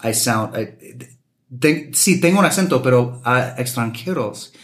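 A man talking in a casual chat, animated, switching into impressions of other people. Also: medium pitch, normal speed. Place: Mexico City.

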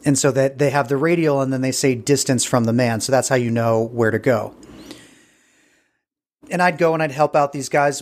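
A man as an interview guest, telling a story casually and digressively, searching for words as he goes. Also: mid-range voice.

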